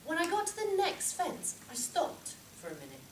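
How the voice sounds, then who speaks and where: Animated woman telling a comic story. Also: very high-pitched, normal speed. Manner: animated storytelling with shouted reenactments. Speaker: contest speaker. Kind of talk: humorous speech. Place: club meeting room with audience. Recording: echoey room from far off, noisy.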